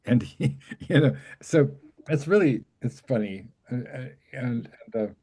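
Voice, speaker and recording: Excited rambling man with a mellow voice. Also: mid-range voice, measured pace, breathy edge. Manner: excited, rambling, laughs often. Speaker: host. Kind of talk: casual chat.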